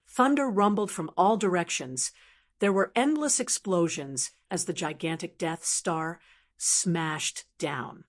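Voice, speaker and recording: A woman reading a fantasy web novel aloud as an audiobook narrator, in an even, unhurried storytelling manner. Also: lowish voice.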